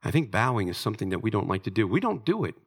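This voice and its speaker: An American man, a pastor, preaching a sermon in a church sanctuary, emphatic and building to near-shouts at his peaks. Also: fairly low pitch, sing-song, rapid-fire, creaky, breathy edge. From United States.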